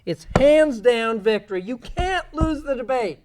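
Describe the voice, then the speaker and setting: A man giving a creation science lecture in a church, animated and sarcastic in his asides. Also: very high-pitched, unhurried, slight background noise. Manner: animated, sarcastic asides, mocking quoted voices. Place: church sanctuary.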